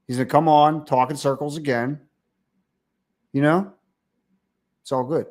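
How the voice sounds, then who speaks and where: A man's voice: fairly high pitch, steady tone, unhurried, a little mellow. A man hosting a livestream, ranting casually with crude, profane mockery. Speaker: livestream host.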